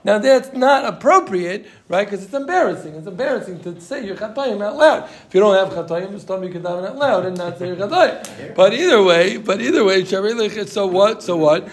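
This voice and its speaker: A man's voice: sits high, lively intonation, a little fast, hardly any pauses. A man leads a casual Talmud class. He talks in a loose, rambling way, repeats himself, and keeps dropping Hebrew and Yiddish terms into his English. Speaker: Talmud teacher.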